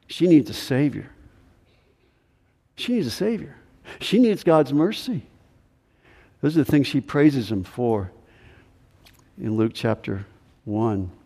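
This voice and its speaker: A man's voice: medium pitch, a little mellow. A man preaching a sermon as pastor, emphatic, repeating key phrases for stress. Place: church sanctuary. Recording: echoey hall with long reverb.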